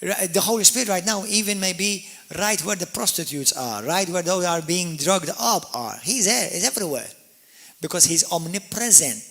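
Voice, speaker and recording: A man preaching a sermon, swinging from quiet explanation to loud calls with frequent hallelujahs and amens. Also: high voice, animated, normal speed, gravelly. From Malta. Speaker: pastor.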